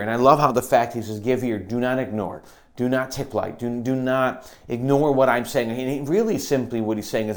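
A man's voice: mid-range voice, moderate pace. Earnest male preacher. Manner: earnest, swings between loud emphasis and quiet intensity. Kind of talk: sermon.

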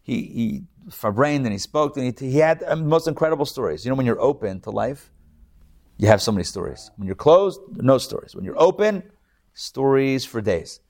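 A male rabbi giving a live Torah class, telling stories in an animated way with frequent restarts and small jokes. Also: mid-range voice, moderate pace.

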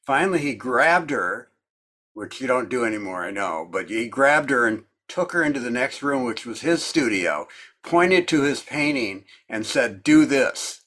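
A man's voice: mid-range voice, expressive, moderate pace, sharp tone. A man who leads a discussion group, chatting in a rambling way with lots of fillers during a casual group video call.

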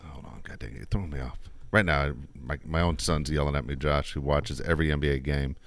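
Deep-voiced middle-aged host. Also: male voice, fairly even intonation, fast, no echo. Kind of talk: casual chat.

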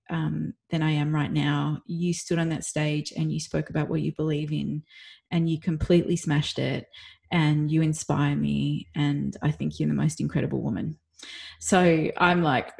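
A woman talks through a personal story in a relaxed, candid podcast chat. Her voice sits on the lower side for a woman. She slips into the voices of the people she quotes as she goes. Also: creaky. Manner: candid, animated retelling with acted-out quotes and laughs. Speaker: podcast co-host.

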